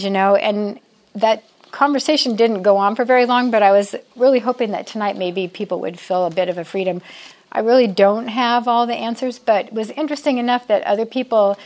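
Chatty, slightly nervous woman in her sixties. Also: a little high. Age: 60s. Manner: chatty and self-deprecating, laughs often; a little nervous, repeats and restarts. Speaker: speaker at a women's Bible study. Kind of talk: casual church talk.

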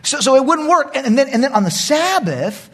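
A male pastor preaching a lively sermon to his congregation, acting out voices and laughing often. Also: very high voice, brisk.

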